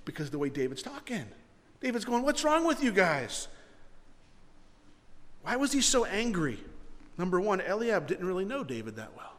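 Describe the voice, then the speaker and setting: A pastor delivers an animated sermon in a high, bright-edged voice, stumbling over repeated words as he drives ahead. The sound carries a long church-hall echo. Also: brisk.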